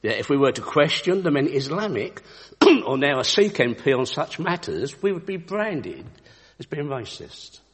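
A man's voice: a little high, sing-song, moderate pace, slightly rough. A man giving a Christian devotional talk, telling anecdotes in an earnest storytelling way, with a long echoey reverb on the recording. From United Kingdom. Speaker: Christian speaker.

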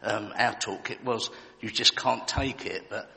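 A man's voice: fairly low pitch, fairly even intonation, unhurried, gravelly, sharp tone. A man preaching a sermon in a conversational way, with jokes and asides to the congregation. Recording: long hall reverb.

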